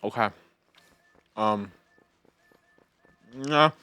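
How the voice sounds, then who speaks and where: A young man co-hosting a podcast, chatting casually as he plays a video game, quick and full of asides. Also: fairly low pitch, pushed and bright, smooth, dry recording. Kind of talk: casual let's-play commentary.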